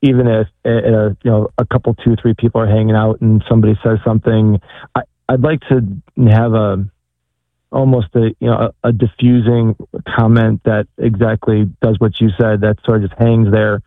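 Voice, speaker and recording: A man's voice: fairly low pitch, flat delivery, moderate pace, dry recording. A man calling in with a question, speaking hesitantly and searching for words. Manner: hesitant, many fillers and restarts. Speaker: caller. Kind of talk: call-in question. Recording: tinny phone line.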